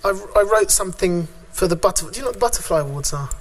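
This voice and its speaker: A man performing a spoken word poem at a conference, reciting in a rhythmic way with long dramatic pauses. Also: high voice, animated, a little hiss or hum. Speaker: father speaking at a conference.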